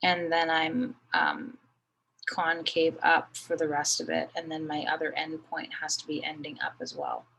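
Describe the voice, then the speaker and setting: A woman's voice: low voice, big pitch swings, a little slow, vocal fry, fairly bright tone, a little hiss or hum, low-quality recording. A woman teaching a math lesson, thinking aloud as she draws a graph, with many fillers. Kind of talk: recorded screen lesson.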